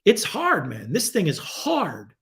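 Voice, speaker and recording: A man in his forties, a podcast guest, telling stories in a casual, animated, profane way. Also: takes it slowly. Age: 40s. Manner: animated, profane, acts out quoted voices with big pitch jumps.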